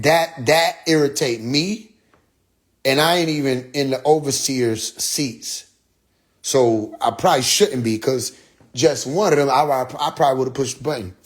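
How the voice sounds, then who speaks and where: A man's voice: medium pitch, moderate pace. A man hosting a casual livestream, telling stories in a loose, profane way, laughing often and mimicking other people's voices. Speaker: livestream host. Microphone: phone.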